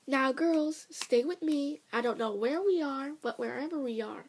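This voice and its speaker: A woman voicing a worried, sweet young cartoon mouse girl in a fan-made storybook reading, speaking in a high, anxious, pleading way. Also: moderate pace, a little hiss or hum.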